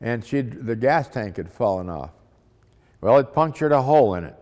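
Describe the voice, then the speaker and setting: A man's voice: medium pitch, lively intonation, moderate pace, darkish tone. A man, a missionary, telling a testimony story in a folksy, dramatic way. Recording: long hall reverb.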